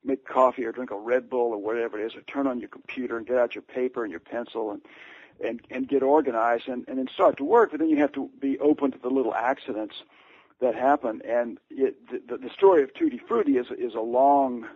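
A man's voice: medium pitch, a little fast, a little mellow, no echo, dull audio. A male author and writing teacher, interviewed and telling a story at length, hesitant, with many fillers and restarts.

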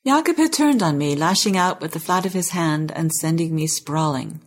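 A woman who hosts the interview, reading a novel excerpt aloud in a measured, expressive way. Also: low-pitched. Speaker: interview host and reader.

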